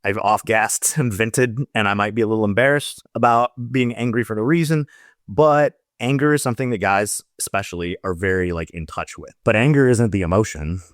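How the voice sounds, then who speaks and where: A middle-aged man, a former soldier, talking in a relaxed, reflective way as a podcast guest, with many loose asides. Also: lowish voice, brisk, no room sound, clean studio sound. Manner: reflective, talks in loose run-on thoughts with many "like"s. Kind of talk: casual conversational interview.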